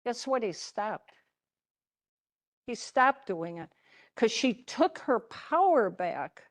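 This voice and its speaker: An older woman, a religious sister, teaching a class through stories in a gentle, chatty way, often checking in with her listeners. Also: on the high side, big pitch swings, slow. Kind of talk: storytelling lecture to a class.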